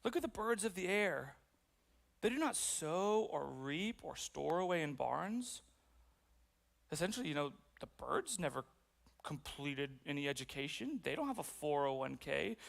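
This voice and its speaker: A man's voice: fairly high pitch, very animated, normal speed, gravelly, a bit bright. A man preaching a sermon as pastor, conversational and self-deprecating, with playful asides.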